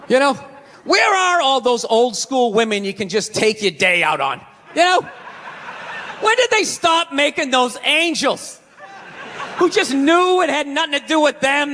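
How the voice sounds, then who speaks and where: High, bright-voiced ranting male comic. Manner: ranting, exasperated, profane. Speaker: stand-up comedian. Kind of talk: stand-up comedy routine. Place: comedy stage in a large hall. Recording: reverberant hall, faint noise.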